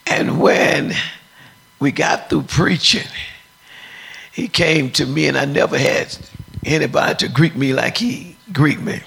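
Deep-voiced woman preaching a testimony, bright edge, slow and drawn out. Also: fairly even intonation, creaky, breathy edge. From United States. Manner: storytelling, acts out dialogue.

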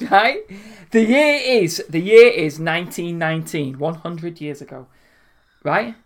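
Telling stories and laughing in a relaxed podcast conversation, this young co-host keeps things lively. He speaks a little slowly, in a voice on the high side.

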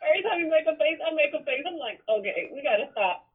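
A woman's voice: sits high, animated, fast talker. A woman calling into a podcast, casual and teasing with a sassy manner, heard over a phone call. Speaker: caller, sponsor. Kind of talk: casual chat.

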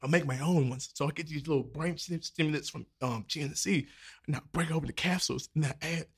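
A man's voice: fairly high pitch, fast, husky. A young man, telling a story to friends in casual chat, acting out the voices of people in it and swearing freely. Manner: animated, acts out quoted dialogue, swears freely.

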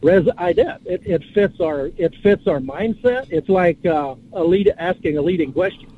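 A man calls in to a talk show and rambles through his musings, stopping to spell out words. His voice sits a touch high, and it comes through a tinny phone line with a faint hiss behind it. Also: animated, normal speed. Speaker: caller. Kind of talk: casual call-in chat.

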